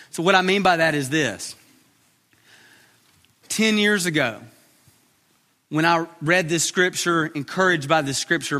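A man's voice: sits high, sharp tone. A man in his thirties preaching a sermon in a conversational way, repeating short phrases for emphasis. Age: 30s. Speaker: pastor. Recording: reverberant hall.

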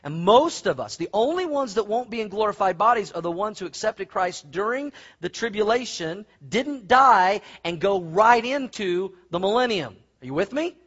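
High-voiced, husky preacher. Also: male voice, normal speed, hardly any pauses, muffled recording. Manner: animated, folksy storytelling with asides. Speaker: pastor. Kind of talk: sermon.

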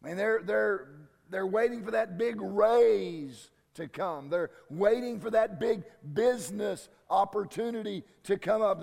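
A man's voice: high-pitched, creaky, a little mellow, in a large hall. A man pastor preaching a sermon in an emphatic way, often repeating words as he restarts.

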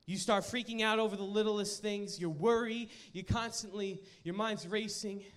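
A young man preaching to a live audience, opening with a funny personal story before turning to his sermon in an animated, joking way. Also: high-pitched, moderate pace. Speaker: youth pastor.

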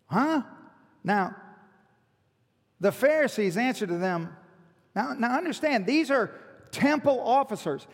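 A man's voice: very high voice, expressive, slow, long pauses, breathy edge. A man preaching a sermon in a church, emphatic and building his points through repeated lists. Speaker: pastor. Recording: long reverb of a large hall.

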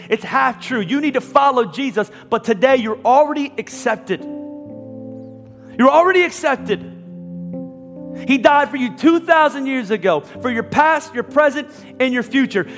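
A man's voice: very high voice, a bit bright. A man preaching a sermon as pastor, passionately acting out the voices of listeners and Bible figures. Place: church hall. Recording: long reverb with faint music behind. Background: faint instrumental music.

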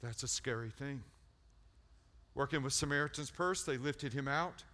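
A male pastor preaching a sermon, animated and storytelling, repeating words for emphasis and swinging from loud peaks to hushed lines. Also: medium pitch, normal speed.

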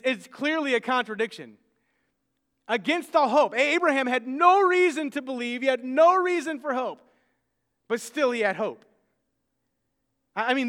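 A man's voice: very high-pitched, normal speed, a bit bright. A man in his thirties preaching a sermon, conversational, often repeating words as he starts sentences. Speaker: pastor. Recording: long reverb of a large hall.

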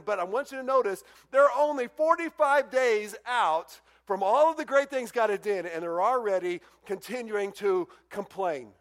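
Preacher, male, high voice, animated delivery with raised acted-out quotes. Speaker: pastor. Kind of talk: sermon.

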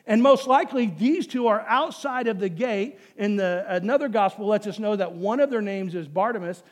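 Guy preaching a sermon, really high voice, chatty style, keeps asking the crowd questions. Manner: conversational preaching with rhetorical questions. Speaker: pastor.

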